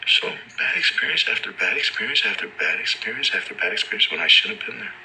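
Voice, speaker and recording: A man's voice: lowish voice, animated, quick pace, noisy background. An angry man telling a story in a heated, profane rant, repeating himself and acting out the other voices. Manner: heated, profane, repetitive, acts out dialogue. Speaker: storyteller recounting police encounter. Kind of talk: angry monologue.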